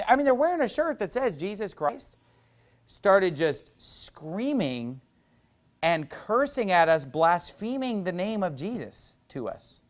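A man's voice: sits high, sing-song, takes it slowly. A middle-aged male pastor preaching a sermon, telling stories in a loose, conversational way with lots of "you know".

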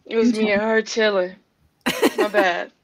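A woman's voice: mid-range voice, fairly even intonation, a little slow. A woman guest on a video call who has just woken up, apologetic and joking. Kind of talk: casual video call chat.

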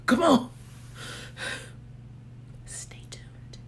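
Lively woman reviewer who drifts into whispers. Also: medium pitch, slow, pauses often, slight background noise. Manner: chatty and playful, often dropping to a whisper. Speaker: candle reviewer vlogger. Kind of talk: casual chat.

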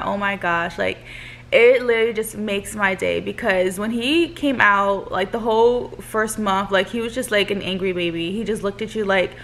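Chatty young mom vlogger. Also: female voice, mid-range voice, creaky, a bit bright. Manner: chatty, lots of "like" fillers. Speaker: vlogger, new mother. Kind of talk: casual chat to camera.

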